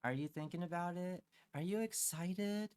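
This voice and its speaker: A man's voice: mid-range voice, a little slow, smooth, dry recording, close to an everyday voice. A man voicing a taunting tax agent who coaxes in a sing-song voice and then turns profane and scornful. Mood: fake cheerful. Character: taunting tax agent driving a truck, fake-cheerful then cruel. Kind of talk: comic rant on a live stream.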